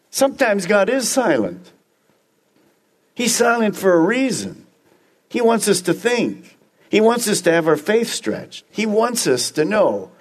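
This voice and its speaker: A man delivering a sermon from the pulpit, his voice sitting a bit higher than most men's. He preaches with emphasis, turning often to the congregation and repeating key phrases. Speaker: pastor.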